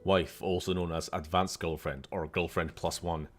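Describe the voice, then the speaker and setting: A man's voice: low-pitched, level tone, normal speed, soft background music. A young Scottish man chatting casually and jokily while streaming a game, swearing now and then.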